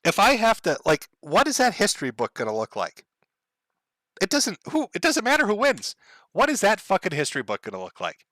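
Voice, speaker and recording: A man's voice: sits high, wildly swooping pitch, fairly quick, pushed and bright, no echo. A man ranting on a livestream, rambling, sarcastic and profane, often laughing at his own jokes. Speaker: streamer. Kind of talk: casual livestream rant.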